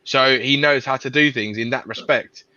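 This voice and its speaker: Bright rambling man on dry lo-fi audio. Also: mid-range voice, moderate pace, no echo. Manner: rambling, repeats words. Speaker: guest panelist. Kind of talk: casual live-stream chat. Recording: dry dull lo-fi stream audio.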